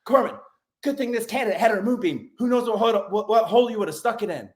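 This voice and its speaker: A man imitating a young female boot camp recruit with a raised, shrill voice. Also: quick pace, a little mellow, echoey room, lightly acted. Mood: teasing.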